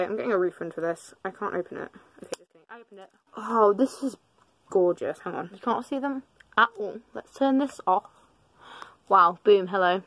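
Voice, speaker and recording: A teenage girl chatting casually in a vlog while opening gifts in her parents' bedroom, rambling and correcting herself with joking asides. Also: mid-range voice. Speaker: vlogger.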